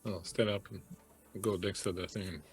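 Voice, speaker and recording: A man playing a tabletop game, giving a solemn in-character eulogy in a measured, halting way. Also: sits low, steady tone, breathy edge, no echo, faint music behind. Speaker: player.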